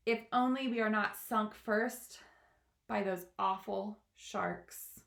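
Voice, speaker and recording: A woman reading the lines of a young boy who speaks firmly and calmly, in an echoey room. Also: mid-range voice, slow, vocal fry. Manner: firm, calm, explaining. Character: brave determined young boy.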